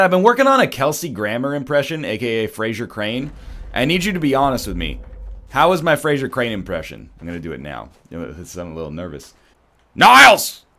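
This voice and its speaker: A man's voice: medium pitch, a bit bright. A Canadian man giving rambling, sarcastic commentary while playing a game. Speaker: let's play streamer. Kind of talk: casual gaming commentary.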